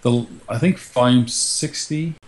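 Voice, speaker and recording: A young man co-hosting a casual podcast chat, talking in an animated way and acting out little quotes as he goes. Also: mid-range voice, slow. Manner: chatty, animated retelling with put-on quotes. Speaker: podcast co-host.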